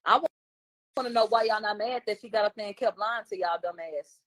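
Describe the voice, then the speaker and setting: A woman's voice: medium pitch, fast, dry recording. A woman, a guest commentator on a livestream, talking bluntly and combatively in casual chat.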